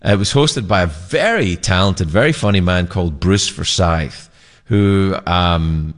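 A man's voice: low-pitched, unhurried. A Scottish man from Scotland, a talk show guest who chats in a joking way and tells mock facts with a straight face. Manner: deadpan joker spinning mock facts. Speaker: guest, game show host.

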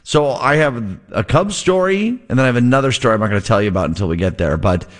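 A man's voice: medium pitch, animated, quick pace. A man filling in as radio host, chatting casually in an amused, self-correcting way.

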